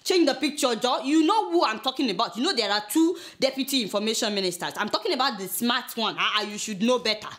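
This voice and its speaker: A Nigerian woman hosts a satirical news show, mocking and exclaiming between her jokes. Her voice is high and very lively, leaping in pitch. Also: fast talker, hardly any pauses. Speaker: host.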